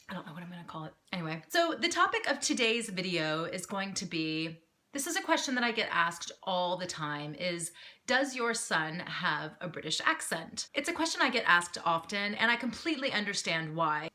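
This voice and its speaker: A woman, chatting casually to camera as an expat mom vlogger. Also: mid-range voice. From North Carolina, United States. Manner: chatty, lively, self-deprecating with fillers.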